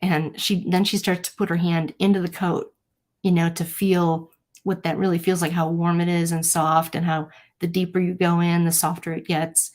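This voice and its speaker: A woman with a slightly low voice hosts a live-streamed talk, speaking to her viewers in an earnest, personal way. She tells stories and acts out what people said with lively quoted voices. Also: moderate pace. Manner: earnest, storytelling, animated quotes. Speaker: host.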